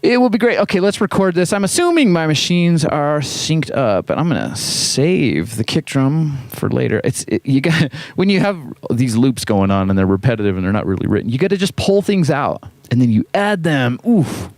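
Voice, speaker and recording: A man's voice: mid-range voice, very animated, normal speed, hardly any pauses, no echo. A man hosting a hands-on synth demo, talking casually in a playful, joking way with rambling asides. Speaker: host and synth musician.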